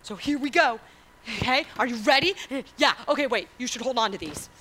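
Jesus as a gentle guide, hushed and eager , done by a woman preacher. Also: fairly high pitch, animated, a little fast. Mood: excited. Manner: hushed, eager, pointing things out.

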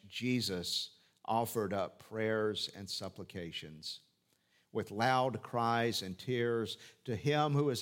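A man's voice: lowish voice, fairly bright tone. A man preaching an expository sermon, explaining scripture phrase by phrase, asking rhetorical questions and repeating key phrases. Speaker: pastor.

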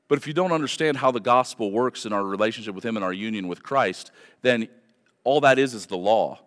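A man's voice: medium pitch, fast talker, fairly bright tone. Man, pastor, earnest emphatic sermon, repeated phrases, reverberant church hall.

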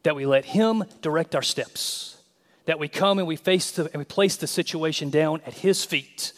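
A male pastor preaching a sermon in an animated, emphatic way with touches of humor. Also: a little high, moderate pace, big-room sound.

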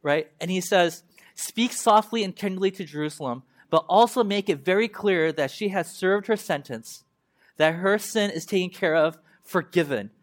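Animated man preaching a casual sermon. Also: high voice, moderate pace. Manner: conversational, animated, acts out voices of God and prophet. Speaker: pastor.

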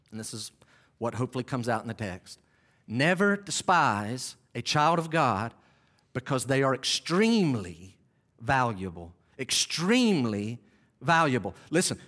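In a church sanctuary, a pastor preaches a sermon emphatically, repeating key phrases and turning to the congregation with conversational, self-deprecating asides. His voice sits on the high side with a fairly bright tone.

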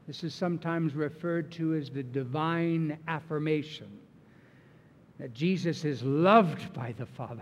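Slow, earnest preacher man in a hall. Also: on the high side, muffled recording. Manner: earnest and emphatic. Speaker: pastor. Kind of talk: sermon. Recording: long reverb of a large hall.

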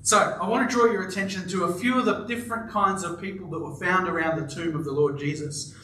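Pastor, male, high bright voice, animated storyteller, echoey church hall mic at a distance. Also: fast, a little hiss or hum. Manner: animated storytelling with playful asides. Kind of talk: sermon. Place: church auditorium with live congregation.

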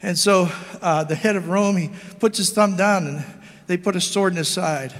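A man's voice: high voice, normal speed, fairly bright tone, big-room sound. An older man preaching an impassioned sermon, exhorting his listeners with lots of repetition. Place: church hall.

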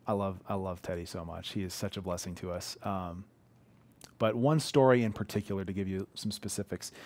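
A man's voice: fairly low pitch, a little mellow. A man in his thirties giving an earnest, conversational sermon from a living room, telling heartfelt personal stories. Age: 30s. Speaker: pastor.

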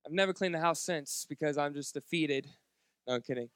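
A man's voice: fairly high pitch, a little fast, fairly bright tone, clear, resonant tone, no echo, studio quality. A man preaching a sermon at a church service, joking and chatting directly with the congregation. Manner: jokey, chatty, talks straight to the congregation. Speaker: pastor.

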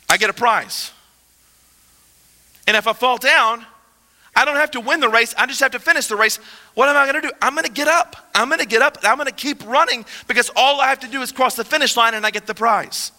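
A man preaching a sermon as a pastor, talking with passion and moving from quiet, low asides to emphatic, rising lines. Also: in a large hall. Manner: impassioned, shifts between soft and emphatic.

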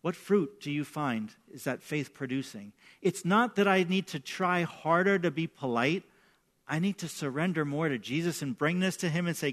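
A man's voice: fairly high pitch, normal speed, fairly bright tone. A man preaching a sermon as pastor, telling personal stories in a conversational way and often checking in with "right?". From New York. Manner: conversational storytelling with repeated "right?".

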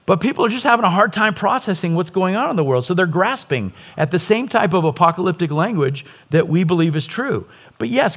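A middle-aged man preaching a sermon as pastor, earnest and emphatic, often checking in with the congregation through rhetorical questions. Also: high voice.

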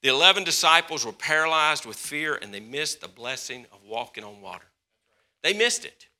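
A man preaching a sermon as pastor, swinging between loud, passionate stretches and hushed, slower ones. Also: a little high, expressive.

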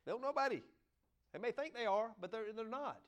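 High-voiced preacher, folksy. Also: male voice, normal speed. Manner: folksy, humorous preaching with sudden loud bursts. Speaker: pastor. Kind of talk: sermon.

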